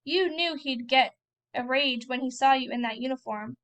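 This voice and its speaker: A woman voicing a young farm boy who is nosy, pleading and quick to call things sins, as she reads a novel aloud. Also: sits high, a bit bright. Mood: eager.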